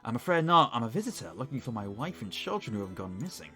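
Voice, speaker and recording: A man's voice: mid-range voice, sing-song, quick pace, sharp tone. A man with a Northern English accent reading the lines of a man searching for his missing wife and children, asking plain questions, with faint music behind. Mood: questioning.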